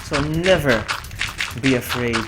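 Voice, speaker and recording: A man's voice: mid-range voice, slow pace, very noisy. Chatty man streaming a game. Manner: rambling, self-correcting, answers chat aloud. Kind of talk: casual live-stream chat. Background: game music.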